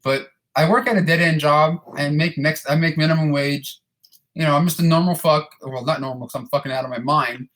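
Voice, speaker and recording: A man in his thirties casually answers viewer questions in a fairly high, fairly bright voice with fairly even intonation, speaking a little fast. He rambles and swears, often repeating and restarting his words.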